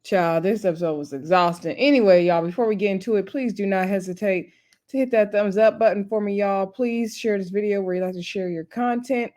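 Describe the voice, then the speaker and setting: A tired woman hosting her own channel, recapping a reality show in a casual, chatty way with lots of "y'all" and quick laughs. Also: mid-range voice, a little mellow. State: tired, up late. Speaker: YouTube host recapping reality TV.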